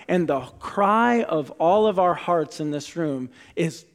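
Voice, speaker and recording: A man preaching a sermon as a pastor, deliberate, dropping to a hushed voice on key words. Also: a little high, expressive.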